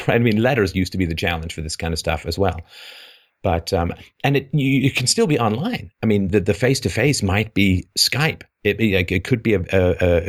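Male call-in host, very low voice, frank and opinionated, thinks aloud with stumbles. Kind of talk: call-in show conversation.

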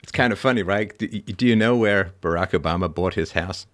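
A man hosting a podcast, talking in a lively, wordy way with frequent laughs and asides. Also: low voice, brisk. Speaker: podcast host. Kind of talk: conversational interview.

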